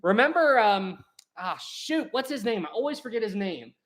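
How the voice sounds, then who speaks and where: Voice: mid-range voice, animated, moderate pace, fairly bright tone. A livestream host chatting casually, reading chat aloud, laughing often and trailing off while hunting for words. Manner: hesitant, lots of fillers while searching for words. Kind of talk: casual live stream chat.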